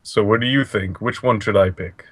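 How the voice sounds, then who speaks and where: A man's voice: on the low side, normal speed, voice pushed down, lightly acted. A man playing a sly, teasing adventurer. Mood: playful.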